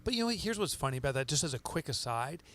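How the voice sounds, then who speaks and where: A man's voice: a little high, big pitch swings, fast, a bit bright. A man with a New Jersey accent hosting a podcast in a loose, chatty, joking way. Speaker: podcast host.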